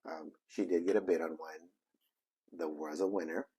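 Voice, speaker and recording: Man, low voice, very clear, rambling storytelling, lots of ums and restarts. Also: fairly even intonation, warm tone. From Arizona, United States. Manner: rambling, halting, many fillers and restarts. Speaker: channel co-host telling a reseller story. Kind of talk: casual storytelling.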